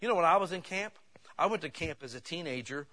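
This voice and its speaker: A man preaching a sermon, telling personal stories in an animated way that swings between loud bursts and hushed asides. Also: fairly high pitch, fast.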